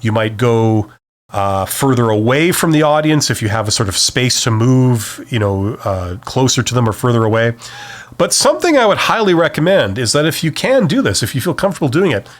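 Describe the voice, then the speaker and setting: A man's voice: mid-range voice, fairly quick. A man hosting a solo advice podcast, speaking off the cuff and checking in with "okay?" after each point. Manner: animated, says "okay?" after most points; varies volume and speed to demonstrate. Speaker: podcast host. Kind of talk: unscripted solo advice talk.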